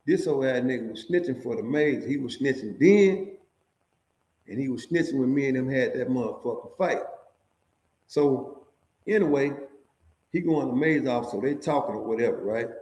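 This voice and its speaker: A man's voice: mid-range voice, darkish tone. A middle-aged man, a former prisoner, telling his own prison stories in casual, profane, streetwise talk. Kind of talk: casual storytelling. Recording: echoey room.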